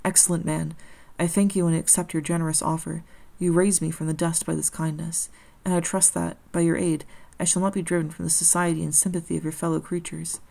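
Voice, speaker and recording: A woman voicing a gentle, lonely male creature who pleads in earnest, formal, old-fashioned speech. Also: low-pitched, level tone, fairly quick, vocal fry, few pauses. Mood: grateful.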